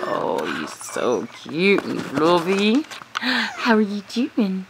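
A woman's voice: deep voice, sing-song, extremely slow, background noise. A woman cooing to her puppies in sing-song baby talk while filming them on a home video. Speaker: dog breeder filming puppies.

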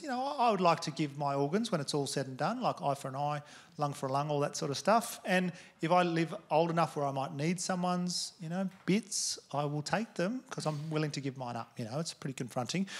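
A man in his thirties with an Australian accent, doing stand-up comedy with crude, exasperated rants and loud outbursts. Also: on the high side, slight background noise. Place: theatre stage before a laughing audience. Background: audience laughter.

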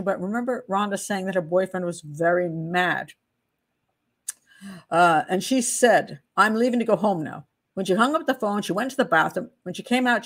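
A middle-aged woman hosting a true crime channel, walking through a case file in a chatty, digressive way and laughing at her own asides. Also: medium pitch. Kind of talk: casual case walkthrough, reading statements aloud.

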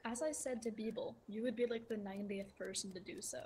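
A young woman teasing her friends with quick comebacks over voice chat during an online party game. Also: mid-range voice, steady tone, mellow, husky.

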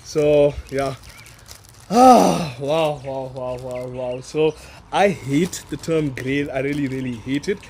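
A man in his thirties from Africa, gushing excitedly in a casual outdoor unboxing vlog, repeating words and laughing often. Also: mid-range voice, measured pace, a little hiss or hum. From South Africa. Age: 30s. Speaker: toy reviewer. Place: outdoors in a yard.

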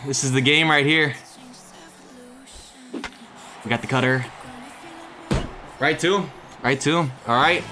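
A young man giving lively, excitable commentary on his own baseball video game, switching between hype shouts and muttered asides. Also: fairly high pitch. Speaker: gaming YouTuber. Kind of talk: excited live gameplay commentary. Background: background music.

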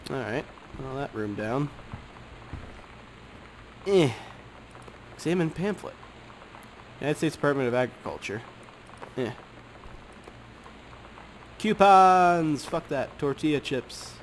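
A man's voice: mid-range voice, animated, measured pace, long pauses, a little hiss or hum. A man giving casual gameplay commentary, muttering offhand remarks, humming, swearing and reading items aloud. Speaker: game commentator.

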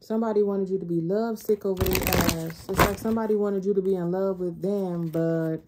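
A woman's voice: medium pitch, fairly even intonation, a little fast, background noise. A woman giving a casual spiritual tarot reading, talking bluntly and profanely in a loose, rambling way. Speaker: tarot reader.

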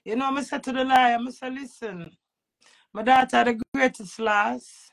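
A woman's voice: on the high side, fairly even intonation, moderate pace, gravelly. A middle-aged woman with a Jamaican accent, ranting heatedly and profanely to camera in a personal vlog. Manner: profane, emphatic, with sudden loud outbursts and laughs. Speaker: vlogger.

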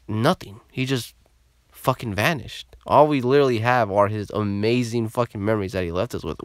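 A man's voice: on the low side, clean tone, no echo. Swearing young man telling a story, dry mic. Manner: swearing, animated, laughing through the telling. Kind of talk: casual storytelling vlog.

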